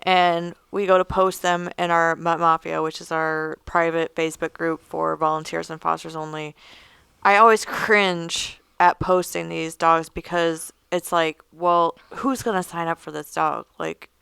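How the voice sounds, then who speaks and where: A woman's voice: lowish voice, level tone, measured pace, gravelly, a bit bright, smooth, dry recording. A woman co-hosting a podcast in casual chat, blunt and emphatic, swearing now and then. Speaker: podcast co-host.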